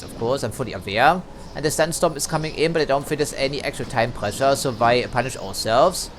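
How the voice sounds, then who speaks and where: A man's voice: medium pitch, slight background noise. A man giving casual let's play commentary, chatty, hedging and dryly critical as he plays.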